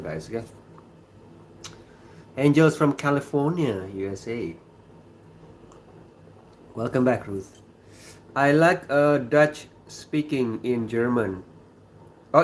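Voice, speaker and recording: A man's voice: on the low side, a bit bright, slight background noise. A man from Indonesia, hosting a casual livestream chat from a kitchen and rambling with fillers and restarts. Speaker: livestream host. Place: indoors, kitchen.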